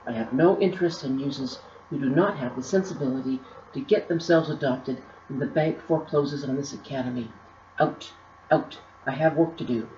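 A woman voicing a gruff, reclusive old woman who keeps an attic, stern and grumbling. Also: very deep voice, lively intonation, a little slow, mellow, slight background noise. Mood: irritated. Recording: roomy, slightly dull recording.

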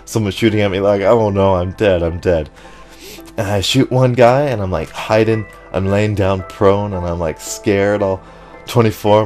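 A young man hosting his gaming channel, rambling through an excitable story in casual commentary. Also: deep voice. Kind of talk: casual commentary over gameplay.

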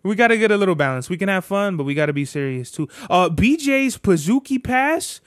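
A man's voice: high voice, very animated, a little fast, dry recording, studio quality. Profane, slangy man hosting a podcast. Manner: profane, slangy, rambling storyteller. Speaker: podcast host. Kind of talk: casual podcast monologue.

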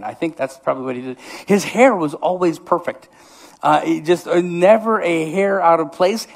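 Upper Midwest pastor, tenor-ish voice, jokey rambling sermon full of restarts. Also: male voice, on the high side. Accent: Upper Midwest American. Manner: self-mocking, rambling with many restarts. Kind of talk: comedic sermon. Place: church sanctuary.

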